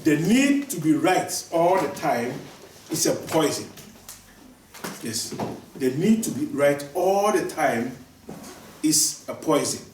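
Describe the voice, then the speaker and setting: Male preacher, somewhat high voice, emphatic and repetitive, heard from a distance in a roomy space. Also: sing-song, slow pace, long pauses, a little hiss or hum. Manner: repetitive, emphatic, many restarts. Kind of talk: sermon. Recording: echoey room, voice from far off.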